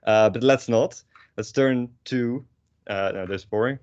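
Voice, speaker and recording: A man's voice: mid-range voice, unhurried, darkish tone, smooth, dry recording, dull audio. A young man with a Dutch accent, teaching a language lesson in a rambling way with many fillers and self-corrections. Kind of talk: online lesson. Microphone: own microphone with a pop filter.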